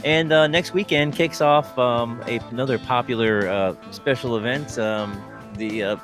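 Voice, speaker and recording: A man's voice: medium pitch, moderate pace, music in the background. A man co-hosting a podcast, reading out event news in a casual, hesitant way with many ums and uhs. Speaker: podcast co-host. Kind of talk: casual chat.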